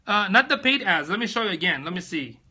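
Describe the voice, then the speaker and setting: A man's voice: high-pitched, animated, quick pace, pushed and bright, breathy edge. A man hosting a casual live stream, rambling and thinking aloud as he searches, reading out viewer comments and answering them. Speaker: livestream host.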